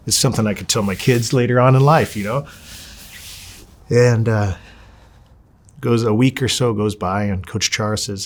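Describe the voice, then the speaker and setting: A man with a very low, husky voice tells a long story from his past in a sit-down interview. He swears freely and jumps into the voices of the people he quotes, his voice rising as he acts them out. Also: moderate pace, pauses often. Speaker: interview subject.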